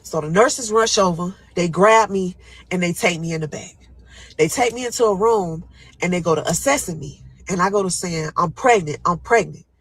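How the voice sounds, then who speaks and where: A young woman, appearing as a guest storyteller, tells listeners an emotional first-person story in a dramatic, vivid way, acting out her panicked pleas in a raised voice. Her voice is on the low side with a breathy edge and a moderate pace. The audio is poor, with no room sound.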